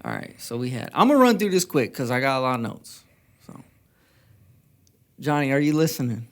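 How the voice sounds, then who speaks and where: A man's voice: medium pitch, sing-song, fairly quick, a bit bright. A man co-hosting a podcast, bantering and teasing as he goes through his album review notes. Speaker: podcast co-host. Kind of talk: casual album review chat.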